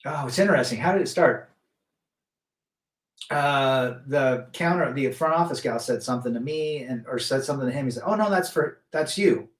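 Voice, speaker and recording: A man hosts a casual live stream at medium pitch and moderate pace, his sound roomy. He chats loosely and rambles, reading viewer comments aloud and restarting often.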